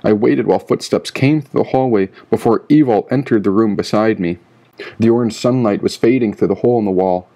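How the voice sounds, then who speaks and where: A man's voice: lowish voice, brisk, warm tone. A man reading his own audiobook aloud in a grim, rhythmic first-person telling. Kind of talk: audiobook narration.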